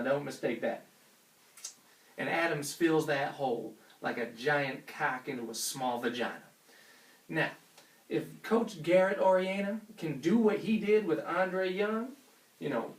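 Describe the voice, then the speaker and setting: A man co-hosts a spoof hockey show, breaking down trades with cocky, crude flair. His voice sits a little high. The room echoes and the mic is some way off. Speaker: sports show co-host. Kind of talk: mock sports analysis comedy. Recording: roomy sound from a distance.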